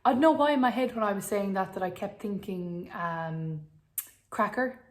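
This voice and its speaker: A woman's voice: mid-range voice, moderate pace, noisy background. Chatty young Irish woman vlogging. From Ireland. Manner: rambling, chatty, self-mocking. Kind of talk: casual chat to camera.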